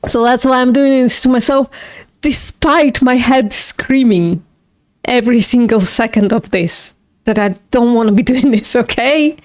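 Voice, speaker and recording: A woman with a slightly high voice hosts a casual live stream, chatting loosely with her viewers. She swears freely and laughs at herself as she talks. The sound is close and dry, with no room echo. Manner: casual, swears, laughs often, self-mocking. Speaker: livestream host studying logic.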